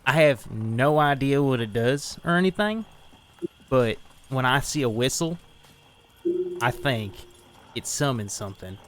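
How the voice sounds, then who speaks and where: A man playing a tabletop game, casually thinking out loud. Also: medium pitch, lively intonation, unhurried, pauses often. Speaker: player. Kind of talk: tabletop role-play.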